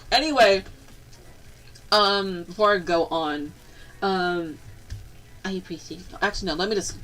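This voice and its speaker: A young woman chatting casually on a live stream, rambling and bubbly, breaking into excited squeals. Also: fairly low pitch, poor audio.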